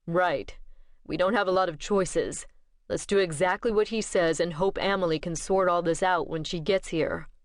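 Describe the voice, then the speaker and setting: A woman's voice: on the low side, moderate pace, dry recording, studio quality, natural voice. A woman voicing a tense young male vampire.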